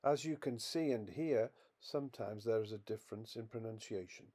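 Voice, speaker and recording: A man narrating a scripted English pronunciation lesson, reading out example words slowly and with clear stress. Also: on the low side, mellow.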